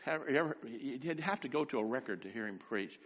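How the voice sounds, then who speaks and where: Animated preacher man with a scratchy voice. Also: medium pitch, a little fast, big-room sound, lo-fi sound. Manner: animated, swings from quiet asides to loud exhortation. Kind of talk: sermon.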